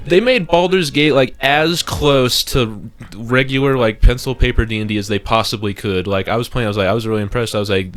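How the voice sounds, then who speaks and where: A young man co-hosting a casual podcast, talking loosely with lots of fillers and bursting into playful shouts and laughter. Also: mid-range voice, a little fast, few pauses. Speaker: podcast co-host. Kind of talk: casual chat.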